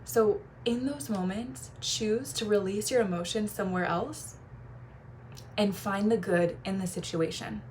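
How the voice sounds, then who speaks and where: Young adult female coach, mid-pitched voice, animated storyteller, casual advice to camera, faint hiss behind. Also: unhurried. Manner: animated storyteller, shifts voice when quoting people. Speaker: feminine energy coach.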